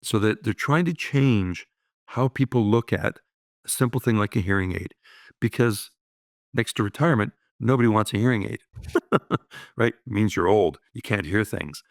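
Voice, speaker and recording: A man in his sixties, a guest telling upbeat stories of his life in a relaxed conversational way, often adding "you know" and "right?". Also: lowish voice, moderate pace, vocal fry, no room sound, clean studio sound. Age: 60s. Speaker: guest, business owner. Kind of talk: reflective conversational storytelling.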